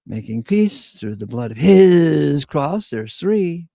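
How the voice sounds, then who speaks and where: Slow gravelly male Bible teacher. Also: on the high side, very animated, warm tone, no room sound. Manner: reads scripture slowly, then comments in casual asides. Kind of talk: informal Bible study teaching.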